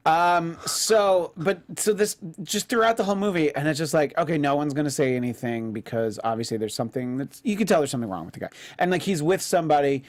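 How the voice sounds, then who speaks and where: A man hosting a casual podcast chat, telling stories and mimicking people in squeaky voices. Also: fast, few pauses. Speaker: podcast host.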